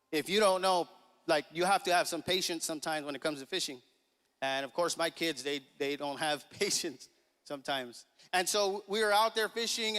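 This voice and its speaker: A man's voice: high-pitched, fairly bright tone, clear, resonant tone. A man in his thirties preaching a sermon, telling a family story in a casual, chuckling way and acting out the dialogue. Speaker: pastor. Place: church sanctuary. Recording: long reverb of a church hall.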